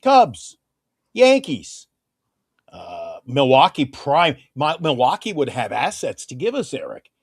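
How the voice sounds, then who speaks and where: A man's voice: mid-range voice, wildly swooping pitch, takes it slowly, slightly rough, dry recording, studio quality. A man co-hosting a casual sports talk stream, opinionated and emphatic, often turning to the host by name.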